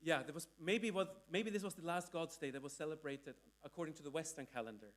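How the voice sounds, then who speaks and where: A man's voice: on the high side, quick pace. A man giving a sermon, recounting a speech in a conversational way, full of restarts and tag questions. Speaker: preacher. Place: church hall.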